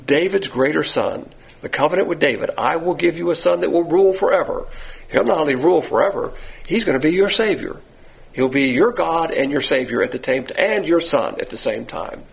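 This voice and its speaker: A man teaching a verse-by-verse sermon, asking rhetorical questions and pushing his pitch up for emphasis. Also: expressive, a little fast, vocal fry, breathy edge, low-quality recording. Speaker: Bible teacher.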